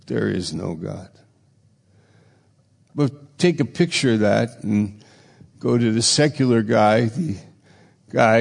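A man's voice: on the low side, creaky, a little mellow. A man preaching a sermon, emphatic, repeating phrases for weight, his voice swelling and dropping. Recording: long reverb in a large hall.

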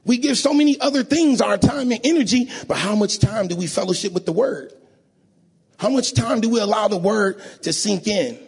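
A man preaching a sermon in a church, emotional and rising to sing-song shouts, often asking the congregation to agree. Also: sits high, moderate pace, vocal fry, breathy edge. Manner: call-and-response, asks audience to agree.

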